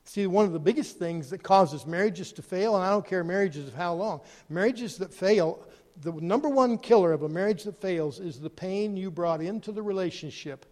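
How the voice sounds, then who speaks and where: A man preaching a sermon, animated, swinging between loud emphasis and quiet, hushed asides. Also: high-pitched, normal speed. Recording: long hall reverb.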